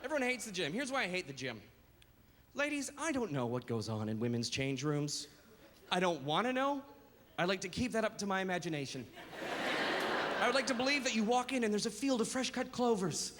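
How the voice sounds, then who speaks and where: A man doing an energetic, self-deprecating stand-up set, heard with audience laughter. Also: sits high, a little fast. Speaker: stand-up comedian. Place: comedy club stage. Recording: echoey live venue with background noise.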